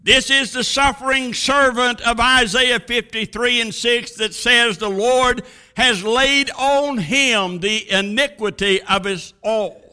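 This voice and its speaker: A man preaching a sermon with a dramatic cadence, rising to booming lines and dropping to a hush.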